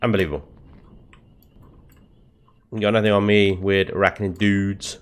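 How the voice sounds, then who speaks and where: A man's voice: fairly low pitch, little pitch movement, normal speed, clear, resonant tone. A young man hosting a let's play, giving gameplay commentary and reacting with exasperated swearing and laughter at his own mishaps.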